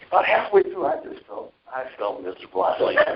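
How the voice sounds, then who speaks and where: A man's voice: mid-range voice, normal speed, creaky, lo-fi sound, very noisy. A man preaching informally on a Christian talk show, telling stories from his own life and reading scripture. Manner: animated storytelling with scripture readings.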